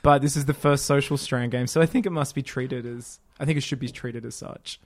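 A man co-hosting a casual games podcast, talking in an animated way, cutting in often and swearing casually. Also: mid-range voice, a little fast. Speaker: podcast co-host. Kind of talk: casual chat.

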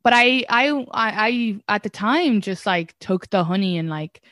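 A young Irish woman, a comedian guest, telling stories in a casual podcast chat with lively restarts. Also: medium pitch, unhurried, no echo, studio quality. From Ireland. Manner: animated storytelling with frequent restarts and laughs.

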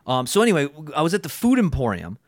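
A man in casual podcast chat, spinning an animated story and jumping into other people's voices to act them out. His voice sits a bit high, and he swears freely. The sound is dry and close, with no room echo. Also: quick pace.

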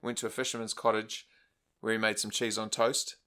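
New zealand guy, kinda low voice but bright, chatty podcast cohost laughing a lot. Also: fairly quick. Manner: relaxed storytelling, laughs often. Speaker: podcast co-host. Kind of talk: casual chat.

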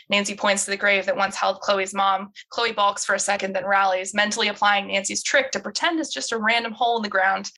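Woman narrating her own script, casual, bright tone. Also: medium pitch, little pitch movement, fast, few pauses, low-quality recording. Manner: casual, laughs at herself. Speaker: writer reading her script. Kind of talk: read-aloud story narration.

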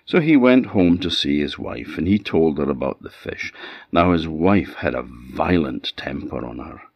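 Man, Orkney accent, folktale storyteller, very low voice, lively delivery, dry dull recording. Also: a little slow, vocal fry, husky, no room sound. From Orkney Islands, Scotland. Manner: lively, animated telling. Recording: dull lo-fi sound.

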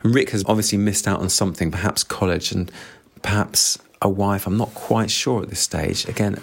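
A man's voice: on the low side, fairly even intonation, moderate pace, vocal fry, breathy edge. A man discussing a novel chapter by chapter, reflective and musing aloud, reading quotes. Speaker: book reviewer.

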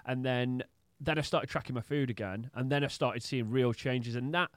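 A man's voice: mid-range voice, moderate pace, no room sound, clean studio sound. A man co-hosting a podcast in casual chat, agreeing often and swearing casually. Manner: chatty, frequent agreeing yeahs, swears casually. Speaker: podcast co-host.

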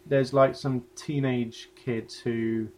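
A man's voice: medium pitch, level tone, slow, a little mellow. A man in his twenties telling a story in casual chat, laughing often and acting out what people said. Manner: laughing storyteller, acts out quotes.

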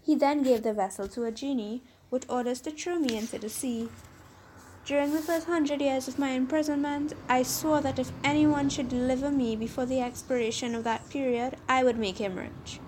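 Fierce male genie spirit, read by a woman, vengeful, stern archaic speech, storybook, highish pitch. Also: steady tone, normal speed, darkish tone, a little hiss or hum, natural voice.

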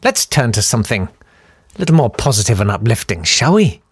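A man's voice: mid-range voice, sing-song, normal speed. Sarcastic ranting man. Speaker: podcast host. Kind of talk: comic monologue.

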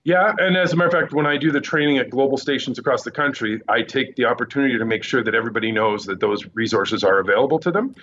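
A man who is a seasoned news correspondent tells lively field stories in a relaxed podcast chat, full of quick asides. His voice arrives over a slightly dull, muffled line. A faint hiss sits under it. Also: medium pitch. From Quebec Eastern Townships, Canada. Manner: animated anecdotes, quick asides. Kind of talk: casual podcast interview storytelling.

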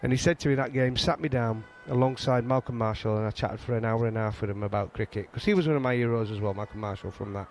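Middle-aged Yorkshire man, chatty storyteller, mid pitch, faint outdoor noise behind. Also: fast, hardly any pauses. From England. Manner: animated storytelling, frequent restarts. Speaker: guest, former fast bowler. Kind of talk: casual chat.

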